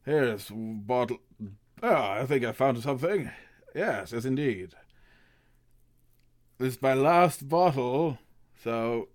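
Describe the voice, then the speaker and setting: A man's voice: mid-range voice, lively intonation, slow pace, pauses often. A man voicing a grumpy, sleepy male tavern keeper who grumbles and fusses at noisy customers. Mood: fussing. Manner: grumbling, fussy, easily exasperated.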